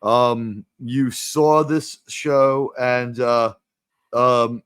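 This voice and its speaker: A man from the US Northeast hosting a casual review chat, rambling and animated with lots of fillers. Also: medium pitch, extremely slow, clear, resonant tone, no room sound. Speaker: podcast host.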